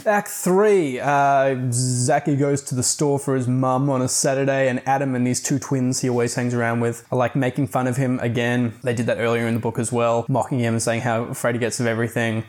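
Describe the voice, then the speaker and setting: A man's voice: medium pitch, steady tone, brisk, darkish tone. A man giving a casual, rambling book review, recapping the plot with fillers and the odd swear. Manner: chatty, rambling, swears now and then.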